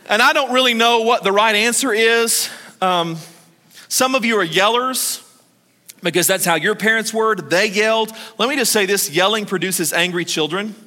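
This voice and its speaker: A man's voice: high-pitched, sharp tone, long reverb tail. A man in his thirties preaching a sermon as pastor, conversational and joking, acting out short quotes.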